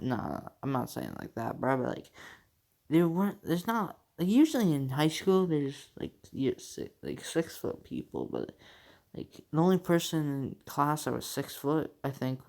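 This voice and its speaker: A young man tells a fan-fiction story in a loose, unhurried way. He rambles, drifts off topic and swears, and his voice sits at an everyday middle pitch. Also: gravelly. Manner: rambling, full of fillers and swearing, laughs at his own story. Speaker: channel host.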